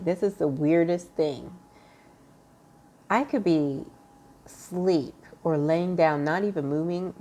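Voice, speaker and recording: A woman with a low-pitched voice speaks in an unscripted personal vlog. She talks in a halting way, with frequent fillers and restarts. Her tone is earnest and confiding as she addresses her viewers. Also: warm tone. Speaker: vlogger sharing a health update.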